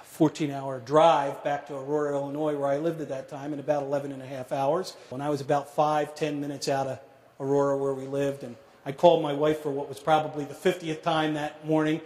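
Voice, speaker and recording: A middle-aged man telling a personal story to an audience, measured and dramatic, dropping to a hush at grave moments. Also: a little high, flat delivery. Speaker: speaker telling a survivor story. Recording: echoey hall.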